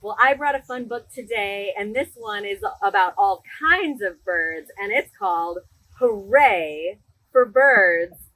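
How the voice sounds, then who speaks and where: A woman's voice: mid-range voice, slow pace, a bit bright, no echo, poor audio. A woman librarian reading a picture book aloud to children in a sing-song storytime voice, outdoors in a garden. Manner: enthusiastic, sing-song, talks directly to children.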